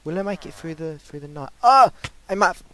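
Excitable man panicking through a game. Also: high voice, brisk. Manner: excitable, panicky outbursts and repeated pleading. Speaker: gaming channel host. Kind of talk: Minecraft let's play commentary.

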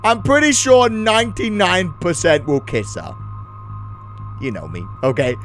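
A man commenting excitedly and jokingly while playing a story game. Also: high-pitched, a little slow. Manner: excitable, jokey, animated. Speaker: gaming youtuber. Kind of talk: let's play commentary. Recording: game audio with music.

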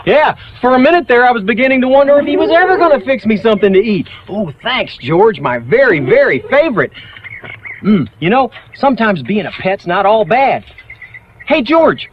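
A man's voice: extremely high pitch, very animated, moderate pace, a little hiss or hum. A man voicing an eager, hungry pet wheedling its owner, from a lo-fi 1980s TV broadcast.

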